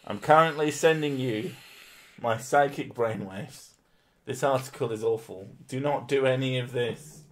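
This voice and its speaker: A man's voice: mid-range voice, unhurried. Male streamer, sarcastic and profane, joking at a desk mic. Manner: sweary, sarcastic, laughing often. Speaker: streamer host. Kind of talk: casual chat.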